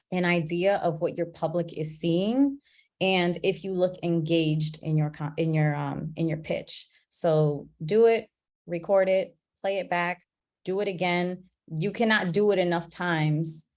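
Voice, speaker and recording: A woman leading an online class on a video call, talking in a relaxed, chatty way and laughing at her own slips. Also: on the low side. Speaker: class facilitator.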